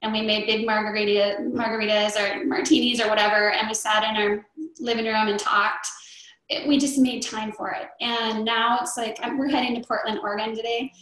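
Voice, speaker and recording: A woman's voice: a little high, fairly even intonation, fairly quick, a bit bright. A middle-aged woman chatting as an interview guest, rambling with many fillers and restarts. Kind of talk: casual chat. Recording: very echoey room.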